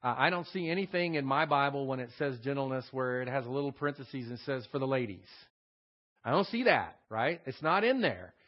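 A man's voice: mid-range voice, lively intonation, a little fast, few pauses, dull audio. A man teaching a verse-by-verse Bible lesson in a conversational way, reading scripture aloud and stressing key words. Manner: conversational, reads scripture aloud with added emphasis.

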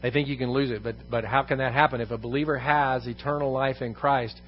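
A male pastor teaching an evening Bible class in a church room, at an ordinary pitch for a man. He leans on repeated phrases and questions the room. The recording is slightly dull, with faint music underneath. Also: steady tone, fairly quick.

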